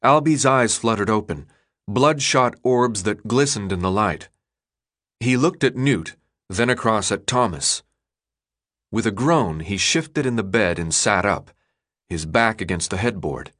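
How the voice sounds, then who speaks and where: A man narrating an audiobook in a measured, expressive storytelling voice. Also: on the low side. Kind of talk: scripted narration.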